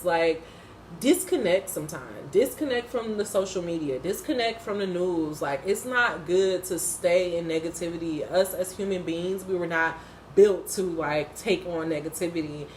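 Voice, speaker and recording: A woman's voice: lowish voice, expressive, moderate pace, reverberant, a little hiss or hum. Blunt, impassioned woman reviewing a TV episode. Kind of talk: unscripted casual commentary.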